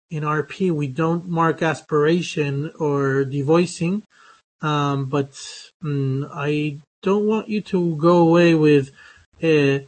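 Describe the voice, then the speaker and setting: A man teaching English phonetics in a lecture, speaking with many hesitations, fillers and restarts. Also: a little high. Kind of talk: online lecture.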